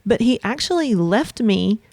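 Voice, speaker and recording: A woman guest, a counselor, telling a personal story in a lively, animated way, acting out her own thoughts. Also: on the high side, measured pace, creaky, no echo. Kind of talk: conversational storytelling.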